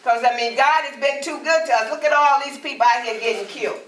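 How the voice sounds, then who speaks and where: A woman evangelist leads a sermon with a bright, forceful voice, pressing her listeners for answers. She sounds set back from the mic, and her voice rings around a roomy space. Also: sits high, fast talker, distant mic. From Alabama. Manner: calls out to the congregation, rising and emphatic. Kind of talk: sermon and prayer.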